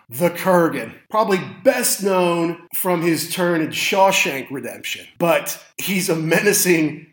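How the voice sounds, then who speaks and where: Enthusiastic high-voiced man in a roomy studio. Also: pushed and bright. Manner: enthusiastic, laughs often, wry asides. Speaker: podcast co-host. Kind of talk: casual film review chat. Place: recording studio. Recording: roomy echo.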